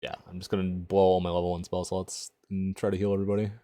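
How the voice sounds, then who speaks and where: A man's voice: low voice, little pitch movement, fast talker, mellow, no echo, studio quality. A man playing a tabletop game, blunt and profane, grumbling about his choices. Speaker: player.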